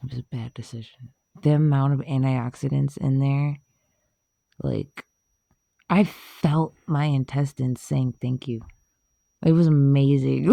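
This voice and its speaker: Low gravelly woman, rambling casual chat. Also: fairly even intonation, takes it slowly, mellow, dry recording. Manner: rambling, laughs often, swears, trails off. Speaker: vlogger.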